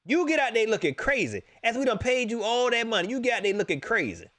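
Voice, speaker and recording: A man hosting a casual sports talk stream, animated and joking, repeating his lines for effect. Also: extremely high pitch, quick pace.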